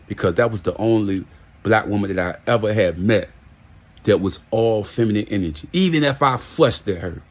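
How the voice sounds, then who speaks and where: A man telling a casual, heartfelt story, emphatic and full of street slang and profanity. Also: low voice. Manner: heartfelt and reminiscing. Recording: muffled lo-fi audio.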